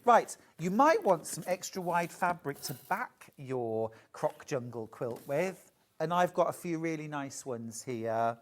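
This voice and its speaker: A woman's voice: low voice, big pitch swings, unhurried. Chatty British shopping-channel woman. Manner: chatty, bubbly, reads viewer messages aloud. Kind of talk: live sales demonstration. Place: TV studio.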